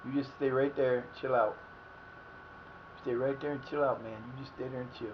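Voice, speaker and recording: A man's voice: medium pitch, steady tone, normal speed, dull audio, slight background noise. A man streaming a soccer management game, cursing and exasperated as he talks to himself. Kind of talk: live game commentary.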